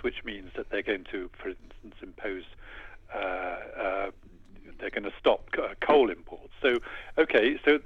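A man speaking as a defense analyst in a radio news interview, explaining in a measured way with hesitant restarts. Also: medium pitch, husky, no room sound, lo-fi sound.

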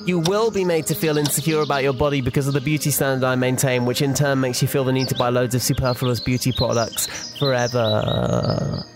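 A man's voice: medium pitch, natural voice. A man playing a smug, money-grabbing male influencer who hosts a fake meditation with a mock-soothing voice. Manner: mock soothing, then fake cheerful outbursts. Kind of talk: parody video vlog in a sketch.

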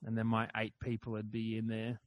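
A comedian from Australia chatting casually, rambling and self-deprecating, swearing now and then. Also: male voice, lowish voice, monotone, a little fast, dry recording. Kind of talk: casual chat.

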